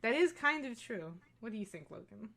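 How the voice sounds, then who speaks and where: A woman's voice: fairly high pitch, big pitch swings, fairly quick, creaky, a bit bright. Teasing, laughing woman streamer. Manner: laughs a lot, swears, teasing. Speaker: streamer playing a visual novel. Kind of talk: casual let's-play chat.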